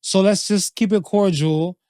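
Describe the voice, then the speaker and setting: A man's voice: sits high, steady tone, unhurried, darkish tone, no room sound, studio quality. A man co-hosting a casual podcast, talking through relationships and current events in a loose, conversational way. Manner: conversational, drops into playful acted quotes. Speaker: podcast co-host. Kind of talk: casual chat.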